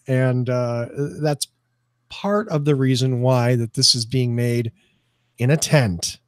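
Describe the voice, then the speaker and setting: A man co-hosting a podcast in casual chat, joking and animated, full of fillers and restarts. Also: medium pitch, slow pace, dry recording, clean studio sound. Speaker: podcast co-host.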